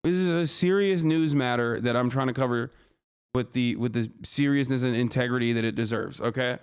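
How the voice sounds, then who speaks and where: A man's voice: medium pitch, brisk, clear, resonant tone. A man livestreaming, reacting to a news story with heated, profanity-laden ranting and scolding his chat. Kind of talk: live stream reaction commentary.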